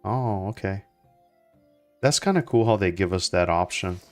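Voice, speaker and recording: Low-voiced man, casual gaming chat. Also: unhurried, soft background music. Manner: relaxed, rambling with many fillers and restarts. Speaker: gaming streamer. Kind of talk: casual gameplay commentary.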